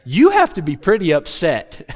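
A man preaching a sermon to his congregation, animated and humorous, acting out the words of biblical figures. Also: a little high, moderate pace. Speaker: pastor.

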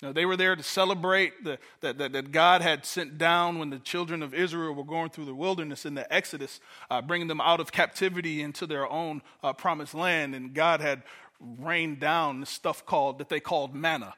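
A man's voice: on the high side, fairly even intonation, moderate pace, sharp tone. A man from Detroit preaching a sermon as a guest pastor, in a conversational way, often repeating words as he starts a thought. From Detroit, USA.

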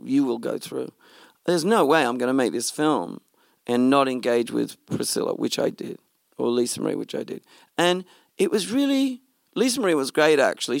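A middle-aged man, a film director telling a lively story in an interview and acting out what others said. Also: medium pitch, vocal fry, no room sound, clean studio sound. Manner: animated storytelling, acts out quoted speech. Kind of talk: interview conversation.

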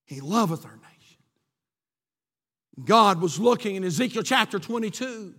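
A man's voice: sits high, expressive, moderate pace, a bit bright, in a large hall. A male pastor preaching a sermon to his congregation, reading scripture aloud and building to passionate peaks. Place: church sanctuary.

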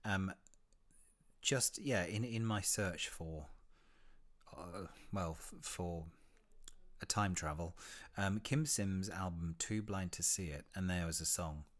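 Podcast host, male, very low pitch, rambling and chatty delivery. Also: takes it slowly, pauses often. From United Kingdom. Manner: rambling and chatty, with frequent fillers and restarts. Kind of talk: casual solo podcast recommendations.

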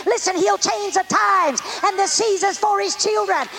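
An older woman preaching a sermon testimony, emphatic and repetitive, swinging between high and low. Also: normal speed, gravelly, few pauses, bright, forceful tone, faint music behind, low-quality recording. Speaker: evangelist preacher.

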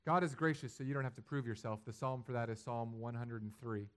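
A man preaching a sermon, acting out imagined prayers and building to loud, emphatic passages. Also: steady tone, brisk. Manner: rises to loud, high-pitched emphatic passages; acts out imagined prayers and quotes. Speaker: pastor.

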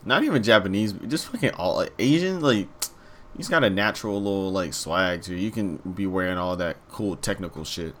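A young man co-hosting a podcast in casual chat, laid-back and slangy, swearing and trailing off softly. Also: deep voice, animated, fairly quick. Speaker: podcast co-host. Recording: faint background noise.

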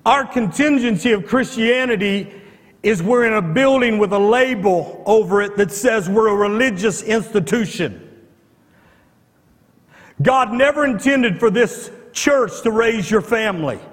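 A male pastor preaching a fervent sermon, repeating himself and firing rhetorical questions, at times rising to shouts. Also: high-pitched, animated, unhurried. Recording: long hall reverb.

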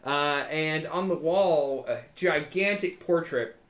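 A man's voice: fairly high pitch, slow, a bit bright. A man narrating as game master of a tabletop game, in a loose, rambling way full of fillers. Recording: echoey room.

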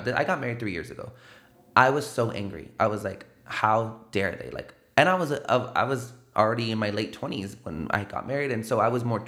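A man in his thirties from San Antonio, a realtor telling candid stories as a podcast guest and acting out the dialogue. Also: fairly low pitch. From San Antonio, Texas. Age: 30s. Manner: animated storyteller, acts out quoted dialogue, many fillers. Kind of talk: candid interview conversation. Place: podcast studio.

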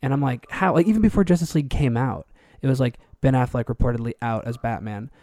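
A man's voice: medium pitch, quick pace, no echo. Male podcast co-host, casual and rambling, close dry mic. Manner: animated, rambling, laughs often. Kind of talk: casual chat.

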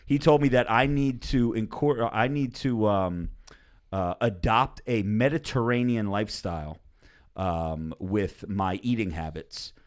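A man's voice: fairly low pitch, a little slow. A man co-hosting a podcast in casual chat, swearing freely and rambling through a story. He keeps slipping into little acted-out quotes of other people as he goes. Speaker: podcast co-host.

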